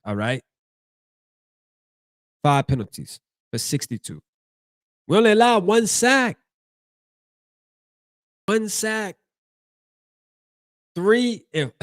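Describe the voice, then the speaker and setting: A man's voice: sits high, very animated, very slow, pauses often, no echo, clean studio sound. A man hosting a fan postgame show, ranting casually with slang and lots of repeats and restarts.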